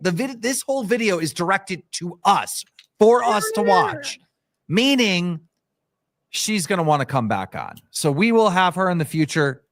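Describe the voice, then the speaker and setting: Animated man hosting a live stream. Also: fairly high pitch. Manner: addressing chat, animated. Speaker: live show host.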